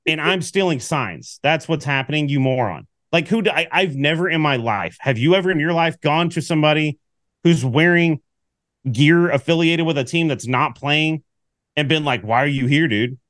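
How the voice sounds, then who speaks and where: A man co-hosting a casual sports podcast, telling a story with lively acted-out quotes. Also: fairly high pitch, normal speed, no echo, studio quality. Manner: animated storyteller, acts out quotes. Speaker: podcast co-host.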